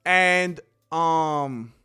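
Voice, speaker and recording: A man hosting a casual commentary stream, rambling and animated, often acting out quotes. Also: fairly high pitch, drawn-out words, clean tone, faint music behind. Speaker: host.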